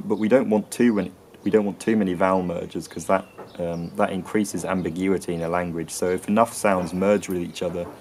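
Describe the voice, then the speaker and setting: An English man with an English accent explaining accents and sounds in a lesson, often pausing with ums and restarting phrases. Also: low-pitched, darkish tone, slight background noise. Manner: hesitant, frequent ums and restarts. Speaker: accent and linguistics presenter.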